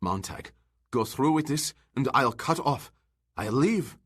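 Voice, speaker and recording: A man's voice: medium pitch, animated, measured pace, a bit bright, breathy edge, voice pushed up. Scared old mentor begging urgently, voice rising, read by a man. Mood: pleading urgent. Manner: pleading, urgent.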